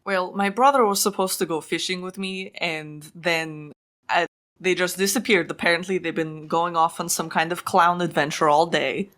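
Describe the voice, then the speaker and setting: Woman voicing an aggrieved young guy, deadpan complaints, lowish voice. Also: normal speed, lightly acted. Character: aggrieved young man left behind by his sibling. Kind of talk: tabletop game role-play.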